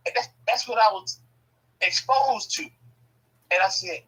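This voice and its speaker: A man telling a family story casually, profane and animated, often laughing. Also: high voice, takes it slowly, husky, rough recording.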